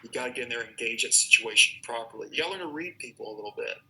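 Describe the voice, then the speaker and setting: A man's voice: mid-range voice, lively intonation, very fast, bright, forceful tone, a little hiss or hum, rough recording. A man teaching a radiology class in a casual, direct manner, mixing advice with stories from his own work. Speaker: radiology instructor. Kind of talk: classroom lecture.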